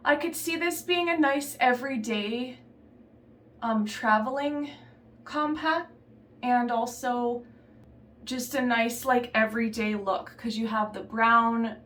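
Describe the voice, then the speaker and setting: A woman chatting casually through a makeup tutorial in a relaxed, offhand way, slipping into a put-on Southern belle accent. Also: on the high side, slow pace, reverberant, far from the mic. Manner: relaxed, chatty, trailing off and restarting while applying makeup. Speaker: beauty vlogger.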